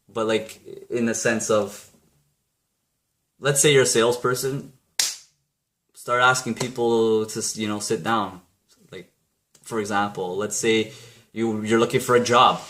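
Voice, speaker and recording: A man's voice: medium pitch, a bit bright. A man talking casually to camera, giving blunt, rambling motivational advice full of restarts and mild swearing. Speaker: vlogger.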